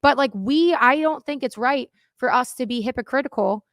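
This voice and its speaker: A high-pitched woman argues baseball on a podcast, pressing her point again and again. Her voice sounds dry and close, with no room around it. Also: normal speed, no room sound. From Philadelphia. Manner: emphatic, argumentative, repeats "that's my thing". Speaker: podcast co-host. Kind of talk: casual sports chat.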